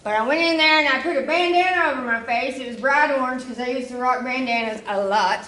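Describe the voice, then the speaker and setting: A woman's voice: high-pitched, brisk, reverberant, recorded from a distance, very noisy. A young woman giving a casual personal testimony, full of asides to the listeners. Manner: casual storytelling with frequent asides. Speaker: speaker giving a recovery testimony.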